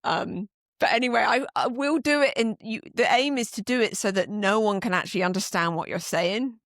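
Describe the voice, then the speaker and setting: A woman's voice: medium pitch, a little fast, fairly bright tone, no echo, studio quality. A woman from Britain co-hosting a podcast, chatting playfully and laughing easily. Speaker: podcast co-host. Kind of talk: casual conversation.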